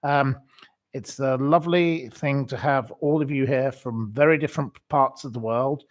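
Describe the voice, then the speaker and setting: A man hosting a casual solo livestream, reading out viewer greetings and giving rambling, opinionated views with lots of pauses and restarts. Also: mid-range voice.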